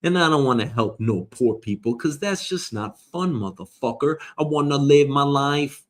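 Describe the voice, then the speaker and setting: A middle-aged man hosting a comedy show, ranting loudly and rambling, swearing a lot and slipping into mock voices. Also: medium pitch, normal speed. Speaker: host. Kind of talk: profane comedic rant.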